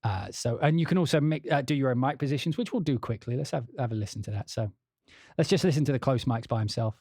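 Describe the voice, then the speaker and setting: A young English man hosting a casual livestream, demoing music software, chatty and swearing as he laughs off his mistakes. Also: medium pitch, fast talker, no echo, clean studio sound.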